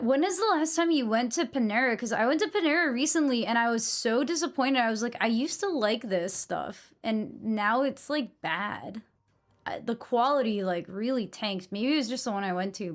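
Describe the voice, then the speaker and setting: A woman's voice: a little high, fairly quick. A young woman from New England chatting casually with her live stream audience, blunt and given to swearing.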